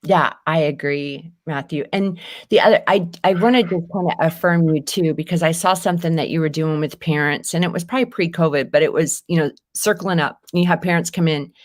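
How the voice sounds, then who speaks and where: A woman's voice: low-pitched, a little fast, hardly any pauses. A woman educator speaking as a podcast guest, affirming and agreeing often in casual conversation. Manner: warm affirming listener, frequent agreement.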